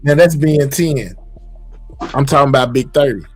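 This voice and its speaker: A man's voice: mid-range voice, normal speed, a little mellow, breathy edge, soft background music. A man hosting a livestream in casual, laid-back talk full of slang. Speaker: livestream host. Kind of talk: casual chat.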